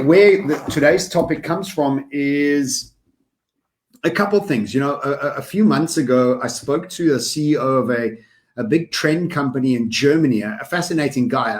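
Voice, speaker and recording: Energetic male podcast co-host with a middle-range voice who talks in rapid lists. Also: mid-range voice. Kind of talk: casual podcast conversation.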